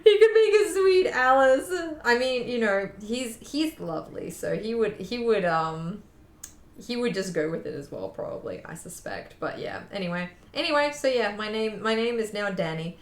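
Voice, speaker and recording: A woman's voice: mid-range voice, expressive, moderate pace. A young woman chatting casually to her viewers, rambling with lots of fillers and repeats. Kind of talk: casual chat. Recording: echoey room.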